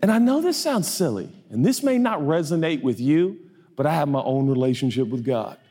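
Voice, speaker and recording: A man's voice: a little high, sing-song, a little fast, mellow. A man in his forties, a pastor, telling a funny, self-mocking story in a sermon and acting out the voices of the people in it. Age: 40s. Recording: long hall reverb.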